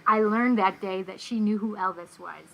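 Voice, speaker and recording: A woman from North America, a guest telling a personal story in casual, animated talk, acting out the voices in her quotes. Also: medium pitch, normal speed, creaky, muffled recording.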